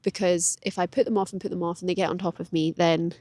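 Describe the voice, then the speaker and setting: A woman's voice: lowish voice, fairly even intonation, fast, mellow, no room sound. Chatty woman in her late twenties. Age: late 20s. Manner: chatty, rambling, self-deprecating, many "like"s. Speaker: vlogger. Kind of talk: candid personal vlog monologue. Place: outdoors in a park.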